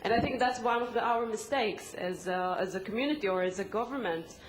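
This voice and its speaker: A woman with an Israeli accent, a native Hebrew speaker, answering as a panelist in halting English with repeated words. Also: medium pitch, background noise. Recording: echoey conference hall.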